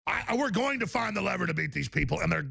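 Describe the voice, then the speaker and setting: Gravelly ranting talk radio man. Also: sits high, expressive, fast talker, no echo, studio quality. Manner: impassioned, shouting, emotional tirade. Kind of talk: ranting talk show monologue.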